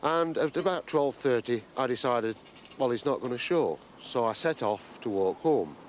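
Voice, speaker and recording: A man speaks outdoors beside some steps, his pitch rising and falling with excitement as he recalls a concert for a documentary. Faint traffic hums in the background. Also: moderate pace. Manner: animated, enthusiastic storytelling. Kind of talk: documentary interview.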